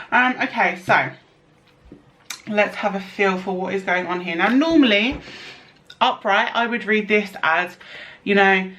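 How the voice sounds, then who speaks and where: A woman's voice: medium pitch, a bit bright, slight background noise. A young woman from the United Kingdom giving a casual tarot reading, chatty and rambling, with lots of fillers and restarts. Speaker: tarot reader.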